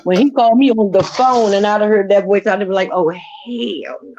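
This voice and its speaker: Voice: medium pitch, quick pace, muffled recording, noisy background. A co-host in a casual recap chat, blunt and emphatic with strong opinions.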